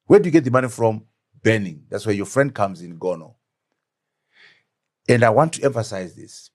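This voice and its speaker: A man's voice: mid-range voice, darkish tone, breathy edge. Emphatic man making his case. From Zimbabwe. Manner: emphatic, rhetorical questions, acts out dialogue. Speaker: interview guest, former deputy prime minister. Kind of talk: animated political interview.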